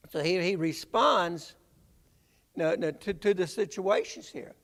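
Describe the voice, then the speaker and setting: A man preaching a Bible-class sermon in a halting, conversational way, often repeating words. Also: high voice, animated, fairly bright tone. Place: church sanctuary. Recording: reverberant church hall.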